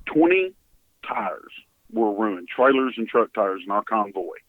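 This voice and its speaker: A man's voice: on the low side, sing-song, a little slow, no echo. Texan man telling an earnest story by phone. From Texas. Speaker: guest, hurricane relief volunteer. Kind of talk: storytelling in an interview. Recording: dry, phone-like sound.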